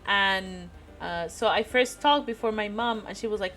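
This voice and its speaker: A woman's voice: medium pitch, moderate pace, a bit bright, faint music behind. A woman from Spain with a Spanish accent, casually telling a rambling story on stream and often breaking into giggles. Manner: rambling, giggly, frequent laughter.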